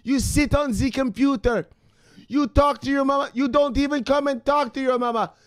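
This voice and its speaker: A man voicing a doting mother who nags her grown son for staying downstairs, in a pleading, sing-song, drawn-out way. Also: extremely high pitch, steady tone, dry recording, voice pushed up. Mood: doting, scolding.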